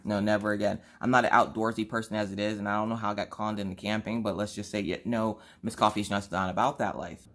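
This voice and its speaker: A woman in her thirties chatting casually on her vlog, telling a family story in an animated, exasperated way. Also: extremely low pitch, quick pace, few pauses. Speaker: vlogger.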